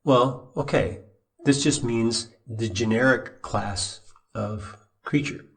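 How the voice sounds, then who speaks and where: Seated at his computer with a website on screen, a Bible teacher records a lesson, speaking casually and thinking aloud with restarts and asides. His voice is medium-pitched and he takes it slowly.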